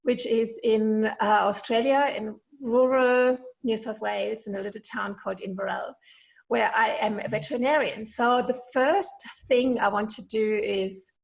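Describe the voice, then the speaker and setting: A woman's voice: on the high side, steady tone, normal speed, vocal fry, poor audio. A woman in her forties from Germany with a German accent, hosting a casual solo podcast from her home kitchen, talking with enthusiasm and plenty of fillers. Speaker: podcast host, veterinarian.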